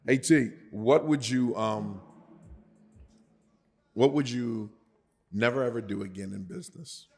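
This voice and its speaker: A man hosting a business podcast, reacting with quick laughs and affirmations. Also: medium pitch, vocal fry, darkish tone, breathy edge, soft background music. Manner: laughs along, brief affirmations. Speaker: podcast host. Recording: long reverb in the room.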